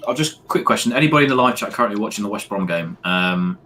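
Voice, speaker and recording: A man's voice: lowish voice, animated, quick pace, sharp tone, a little hiss or hum. A young man co-hosting a live football watch-along, talking hesitantly with many ums. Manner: hesitant, lots of ums, nervous. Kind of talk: casual live-stream chat.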